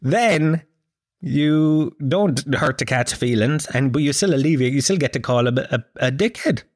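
A man's voice: mid-range voice, lively intonation, unhurried, a little mellow, no echo, studio quality. Irish man, profane comic rambling. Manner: profane, rambling, jokey storytelling. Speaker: podcast host. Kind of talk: comic podcast monologue.

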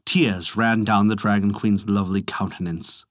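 A man narrating a folk tale as the storyteller and host of a podcast, in a lively, expressive way. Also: lowish voice, moderate pace, few pauses, no room sound, clean studio sound.

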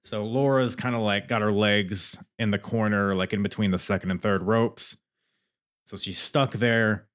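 A man's voice: fairly low pitch, fairly even intonation, moderate pace, a bit bright. Man rambling through a wrestling recap. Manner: rambling, joking and profane, with many restarts. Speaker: wrestling podcast host. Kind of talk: casual show recap.

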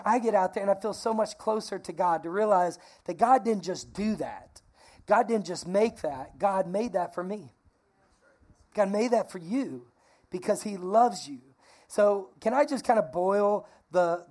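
A woman pastor preaching a lively, conversational sermon, calling on the congregation to repeat phrases. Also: lowish voice. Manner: energetic, conversational, calls for congregation responses.

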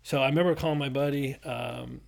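A middle-aged man with a gravelly edge to his voice, spinning an old story in a loose, animated way. He laughs through the tale and lets his energy climb at the big moments. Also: medium pitch, fairly quick. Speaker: pastor and former police officer. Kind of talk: casual storytelling.

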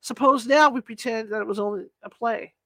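A woman voicing an excited, insistent male scholar in an audiobook reading, speaking urgently and earnestly. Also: on the high side, fairly quick, no echo.

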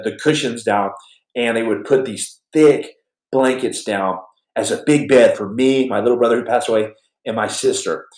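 A man in his forties hosting a podcast livestream, telling stories in a rambling, jokey way and answering chat questions. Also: medium pitch. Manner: rambling, jokey, swings between loud bursts and soft mumbles. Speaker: podcast host. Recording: echoey room.

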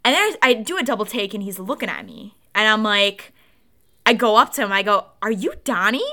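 A young woman in her twenties, co-hosting a podcast and telling a story in a casual, animated way with frequent laughs. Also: medium pitch, fairly quick. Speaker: podcast co-host.

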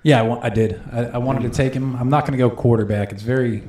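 A man's voice: medium pitch, steady tone, fast talker, darkish tone. A man on a casual fantasy football podcast, laid-back and defending his own picks. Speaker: podcast co-host. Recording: roomy echo.

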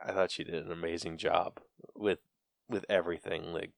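A man's voice: sits low, little pitch movement, normal speed, gravelly, no room sound, studio quality. A man co-hosting a podcast in casual chat, rambling with lots of fillers and laughs. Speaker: podcast co-host.

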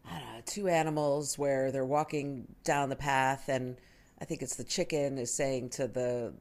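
A woman's voice: extremely low pitch, normal speed. A middle-aged woman co-hosting a casual chat, telling stories and acting out the voices in them. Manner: animated storyteller who acts out voices. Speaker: podcast co-host.

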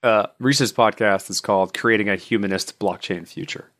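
A man co-hosting a podcast with dry, wry remarks in casual banter. His voice sits very low. The sound is close and dry, with no room in it. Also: normal speed, fairly bright tone, no room sound. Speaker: podcast co-host.

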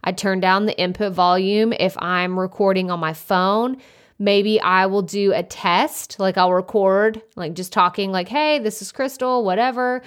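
A young adult woman hosting a solo podcast, chatty and naturally loud, speaking into a desktop USB microphone with many casual fillers. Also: mid-range voice, steady tone, unhurried, clear, resonant tone. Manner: chatty, lots of "like" fillers, self-described loud. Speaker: podcast host.

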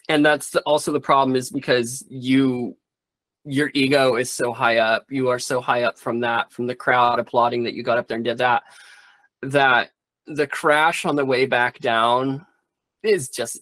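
A man's voice: mid-range voice, fairly even intonation, a little slow, fairly bright tone, no room sound. A man who does stand-up comedy talking in a rambling, candid way, swearing freely in a casual interview.

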